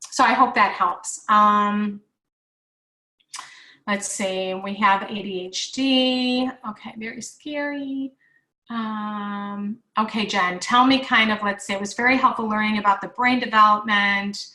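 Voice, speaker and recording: A woman's voice: mid-range voice, fairly even intonation, unhurried, pushed and bright. A woman in her forties hosting a live parenting workshop, chatty and reassuring as she answers viewer questions with frequent fillers. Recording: echoey room.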